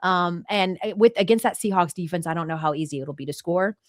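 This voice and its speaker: A woman's voice: lowish voice, brisk, dry recording, clean studio sound. A woman sports anchor, a guest on a podcast, chatting casually and acting out the quotes in her stories. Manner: lively storyteller, acts out quotes. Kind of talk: casual interview chat.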